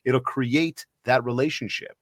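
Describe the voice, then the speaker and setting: A man's voice: medium pitch, fairly even intonation, unhurried, no echo, clean studio sound. A man hosting a podcast, rambling with restarts as he tells a family story and asks questions. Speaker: podcast host. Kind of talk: casual conversation.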